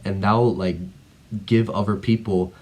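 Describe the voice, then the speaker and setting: A man's voice: lowish voice, fairly even intonation, moderate pace, a little mellow. A teenage boy telling a story in a casual vlog, rambling with lots of "like" and some blunt swearing. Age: teens. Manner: rambling, heavy use of "like", blunt and profane at times. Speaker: vlogger.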